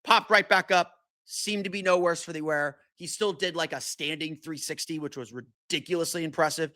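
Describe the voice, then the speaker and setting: Bright-voiced man hosting a sports podcast. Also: fairly high pitch, steady tone, normal speed, dry recording. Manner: casual, many restarts and fillers. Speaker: podcast host. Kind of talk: solo sports podcast commentary.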